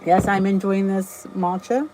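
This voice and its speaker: A woman's voice: mid-range voice, fairly even intonation, measured pace, dark tone, a little hiss or hum, rough recording. A middle-aged woman hosting a casual live stream, chatting and greeting viewers by name, often laughing at herself. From New Jersey. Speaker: channel host.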